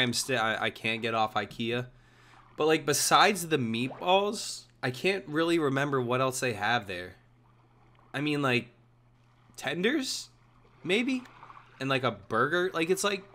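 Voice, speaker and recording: A young man streaming, chatting casually and joking while he plays, his voice hoarse. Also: medium pitch. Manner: lively, chatty, jokey. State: hoarse, coughing. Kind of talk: casual chat while gaming.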